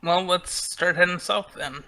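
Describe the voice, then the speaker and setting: Bright, gravelly male player. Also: high voice, a little slow. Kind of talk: tabletop role-play.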